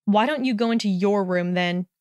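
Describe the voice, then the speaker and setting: A woman's voice: mid-range voice, normal speed, smooth, no echo, studio quality, lightly acted. A woman playing a snide young wizard. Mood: scornful. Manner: snarling and sneering. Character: snide, hot-tempered young male wizard.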